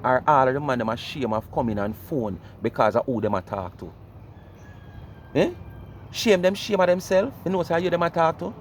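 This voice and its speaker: A man's voice: medium pitch, animated, normal speed, slight background noise. A Jamaican man explaining his point in casual commentary, lecturing and asking rhetorical questions.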